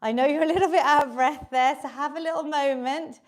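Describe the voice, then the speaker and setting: A woman's voice: high-pitched, fairly even intonation, a little fast. A woman fitness instructor leading a live online exercise class, cheering people on, cueing each move and counting the reps.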